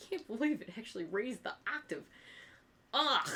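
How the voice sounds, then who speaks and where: A woman streaming live with a stuffed-up, nasal voice pitched a little high and bright. She jokes, laughs and swears casually as she talks to her chat. The tone stays loose and playful. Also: slight background noise. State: stuffed up with congestion. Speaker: streamer making craft magnets.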